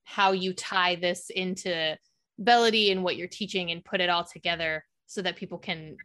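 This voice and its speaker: Bright-voiced enthusiastic podcast host woman. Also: lowish voice, fairly even intonation, moderate pace. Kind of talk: casual podcast interview.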